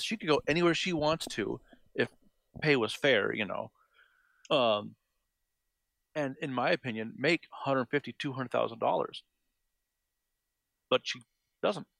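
A man's voice: mid-range voice, expressive, a little slow, vocal fry, long pauses, fairly bright tone, no echo. A man in his thirties talking casually on a podcast, rambling and emphatic, with casual swearing. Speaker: podcast guest. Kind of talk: casual discussion.

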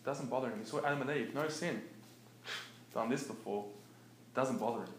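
Animated preaching man in echoey room. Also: mid-range voice, moderate pace. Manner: animated, conversational, laughs often. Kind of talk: casual teaching talk. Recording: echoey room with faint noise.

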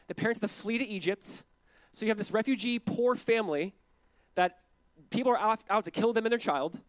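An earnest young male pastor preaching in an easygoing, conversational way, often slipping into lively voices for the people he quotes. His voice sits somewhat high for a man, and it is close and dry with no room sound. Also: no echo. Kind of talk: casual conversational sermon.

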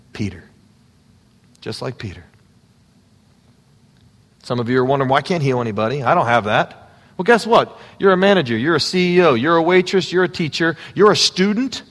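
Guy preaching, kinda high voice, goes from hushed to shouting, big echoey church. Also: lively intonation, moderate pace, pauses often. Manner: swings from hushed intimacy to loud, fervent exhortation. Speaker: pastor. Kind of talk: sermon. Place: church sanctuary.

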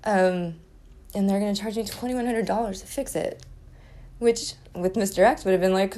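A woman's voice: medium pitch, moderate pace, warm tone. A woman in her forties hosting a solo podcast, talking candidly and with a lot of swearing, with a slight lisp from a chipped tooth and frequent laughs. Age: 40s. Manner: candid, profane, laughs often. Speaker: podcast host. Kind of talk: casual solo podcast chat.

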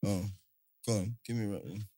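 A young man in casual chat, joking and teasing with quick interjections. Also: lowish voice, fairly even intonation, warm tone.

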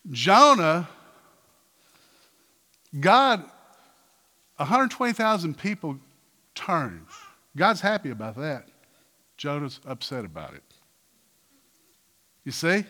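A man preaching a sermon in a church, animated, firing rhetorical questions and acting out quotes. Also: fairly high pitch, slow pace, long pauses, long reverb tail. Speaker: pastor.

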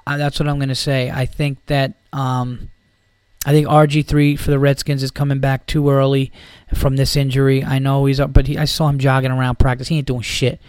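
A man's voice: mid-range voice, level tone, a little fast, darkish tone, clear, resonant tone, no echo. A man hosting a podcast, ranting about football in a heated, profane, rambling way. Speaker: podcast host. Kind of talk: casual sports rant.

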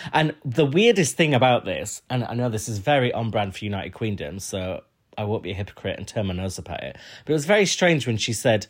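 A man from Huddersfield with a Yorkshire accent, co-hosting a casual podcast chat, telling stories with deadpan jokes. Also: on the low side. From Huddersfield, England. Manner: chatty storyteller, deadpan jokes. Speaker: podcast co-host.

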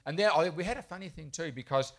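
A man's voice: a little high, quick pace, vocal fry. Chatty man telling a story. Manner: chatty, self-deprecating, with frequent restarts. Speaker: children's poet speaking at a festival panel. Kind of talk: storytelling anecdote to a live audience. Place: bookshop event space, indoors.

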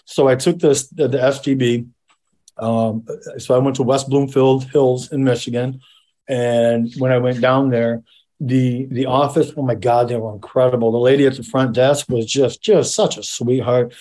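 A man's voice: mid-range voice, flat delivery, moderate pace, mellow. A middle-aged man, a medically retired police officer, telling his story as an interview guest in a rambling, casual way with frequent repeats and salty language.

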